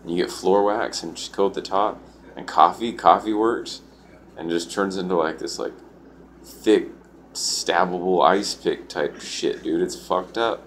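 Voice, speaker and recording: Low-voiced man rambling through a story. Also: fairly even intonation, unhurried, a little hiss or hum. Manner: rambling, full of "like" and profanity. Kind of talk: casual storytelling.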